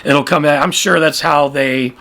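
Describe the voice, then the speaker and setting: A woman's voice: low voice, normal speed, fairly bright tone. A woman co-hosting a casual podcast, rambling through a TV recap with many fillers and restarts. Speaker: podcast co-host.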